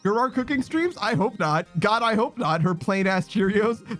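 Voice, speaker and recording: A man's voice: high voice, expressive, moderate pace, a bit bright, faint music behind. A man streaming, chatting casually with his viewers, reading chat aloud and teasing them with slangy, swearing banter. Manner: laughs often, teasing, reads chat messages aloud.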